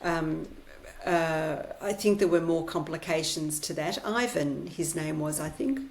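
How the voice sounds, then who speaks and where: Middle-aged woman journalist guest, lowish voice, candid and forthright. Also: unhurried. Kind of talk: podcast interview.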